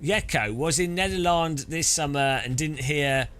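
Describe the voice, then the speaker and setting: A man's voice: a little high, unhurried, a bit bright, faint music behind. A man casually chatting on a sim-racing live stream, joking and rambling as he reads chat aloud.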